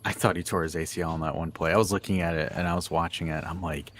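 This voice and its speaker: A man's voice: low-pitched, quick pace. A young man co-hosting a podcast, chatting casually and jokily about football and filling his talk with "like". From United States. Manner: jokey, animated, lots of "like". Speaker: podcast co-host.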